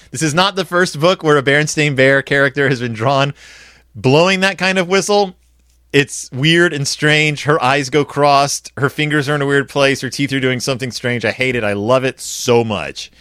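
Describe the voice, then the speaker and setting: A man giving a comic, sarcastic review of a children's picture book, acting out quoted lines in flat voices. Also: medium pitch, normal speed, no echo, studio quality.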